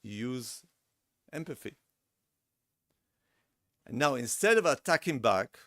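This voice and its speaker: A man's voice: mid-range voice, fairly bright tone, dry recording. A middle-aged man lecturing a seminar in a conversational way, acting out example lines and repeating his words. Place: lecture room.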